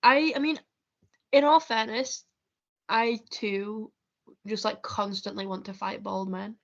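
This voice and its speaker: A young woman co-hosting a casual podcast, making dry, deadpan quips. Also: mid-range voice, slow, vocal fry, dull audio. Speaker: podcast co-host. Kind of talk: casual chat.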